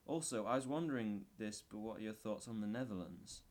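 A man's voice: on the low side, brisk, a little mellow. A young man co-hosting a podcast in casual chat, easygoing, reading out listener questions and chiming in with short replies. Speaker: podcast co-host.

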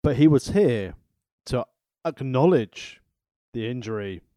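A man's voice: medium pitch, lively intonation, slow pace, warm tone. A man co-hosting a casual chat, cracking jokes, giggling, and reading from prepared notes. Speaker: podcast co-host.

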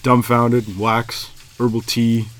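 A man's voice: medium pitch, takes it slowly. A man co-hosting a podcast, chatting casually with many fillers. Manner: relaxed, filler-heavy, easygoing. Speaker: podcast co-host. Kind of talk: casual chat.

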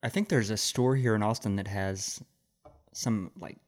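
A man's voice: on the low side, normal speed. A man from the American South co-hosts a podcast in loose, casual chat. He jokes around and swears offhandedly. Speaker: podcast co-host.

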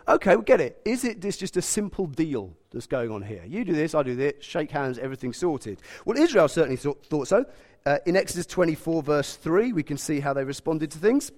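A preacher in his thirties delivers a sermon with lively, swooping intonation. He tells personal stories with self-mocking humor, his voice sitting a little above average pitch. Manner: animated, humorous storytelling.

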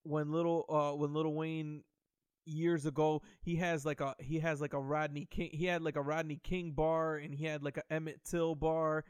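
A young man hosting a podcast in casual chat, excitable and profane, laughing often and restarting his sentences. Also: on the high side, normal speed, smooth, no room sound. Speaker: podcast host.

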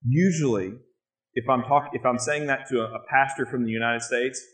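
A man with a voice of ordinary pitch speaks earnestly about his missionary work. He tells animated stories to an interviewer, building up his points as he goes. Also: normal speed, low-quality recording.

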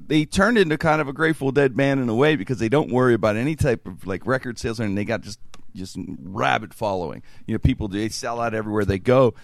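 A man's voice: mid-range voice, fast, creaky, no echo. A man in a casual group chat, talking with rambling enthusiasm and lots of "you know.".

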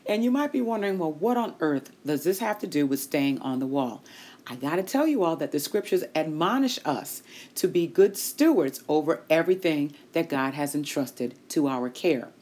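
Lively sing-song woman podcast host. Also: on the low side. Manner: warm preacherly cadence, lively and sing-song in the intro. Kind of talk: Christian podcast chat.

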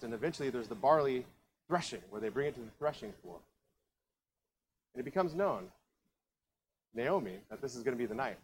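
A man from Ohio gives a sermon as if he were telling a story to friends. He keeps tossing out asides and questions to the congregation, and his voice sits at an ordinary middle pitch. A faint hiss is heard behind him. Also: low-quality recording. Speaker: pastor.

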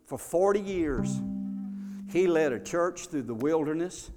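A man preaching a sermon as pastor, swinging between loud bursts and quiet asides. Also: a little high, lively intonation, a little slow, soft background music. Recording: long reverb of a large hall.

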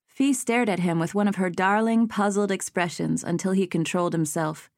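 Woman, audiobook narrator, measured expressive storytelling, low voice, dry close sound. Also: no echo.

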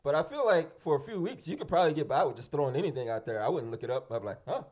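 A man's voice: fairly high pitch, racing. A man co-hosting a podcast in casual chat, joking and telling playful made-up stories. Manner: joking, animated storyteller. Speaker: podcast co-host.

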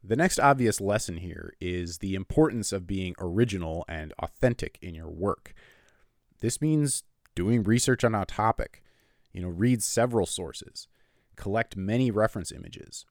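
A man, a medical illustrator, telling a personal story in a relaxed, conversational way with lots of "you know" fillers. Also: low voice, moderate pace, no room sound, clean studio sound.

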